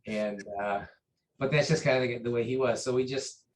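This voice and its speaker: A man recounting memories of his teacher in an interview, earnest and halting, with many fillers and restarts. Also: medium pitch, fairly even intonation, a little hiss or hum, rough recording. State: briefly choked up. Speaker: interview guest, taekwondo master. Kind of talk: conversational storytelling.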